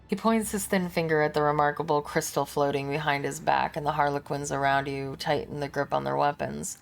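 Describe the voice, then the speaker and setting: A woman streamer reads a game's narration aloud in a steady, even voice. Her tone is low with a gravelly fry. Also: a little fast, few pauses. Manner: steady narrative reading with casual asides. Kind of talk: reading game narration aloud.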